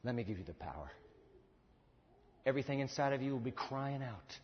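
A male preacher delivering a sermon, swinging from loud exhortation to hushed intensity, in a church. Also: mid-range voice, sing-song, brisk, long pauses. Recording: echoey hall, dull lo-fi sound.

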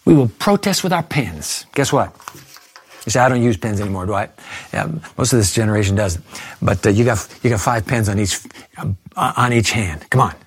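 A man preaching a sermon, reading quotations aloud and urging his listeners with animated emphasis. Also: on the low side, moderate pace, breathy edge. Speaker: pastor.

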